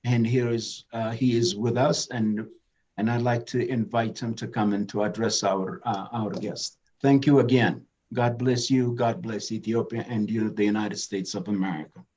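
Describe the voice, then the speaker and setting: A man's voice: on the low side, steady tone, normal speed, darkish tone, highs cut off. A man moderating a webinar, giving passionate opening remarks that rise to emphatic declarations.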